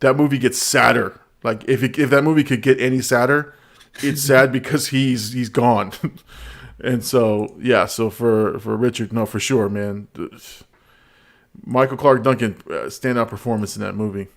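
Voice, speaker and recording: A man's voice: medium pitch, steady tone, normal speed, vocal fry. A man hosting a live stream, chatting casually, laughing often and repeating words as he reads chat aloud.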